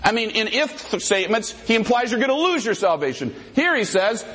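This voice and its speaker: A man's voice: high voice, very animated, brisk, a bit bright. A man giving a combative theological debate presentation, reading verses aloud and picking apart their grammar. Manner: combative, quotes and parses scripture.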